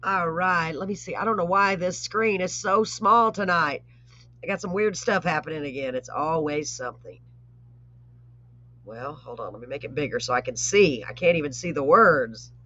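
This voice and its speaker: A woman hosting a live online show, chatting casually with rambling asides and warm blessings. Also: sits low, moderate pace. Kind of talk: casual live-stream chat. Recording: dull lo-fi stream audio.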